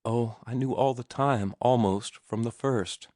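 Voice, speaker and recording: Man reading as a shy young woman, soft hushed voice lifted a little higher, slow tender pace, dry close sound. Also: no echo, close to an everyday voice. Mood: tender, anxious.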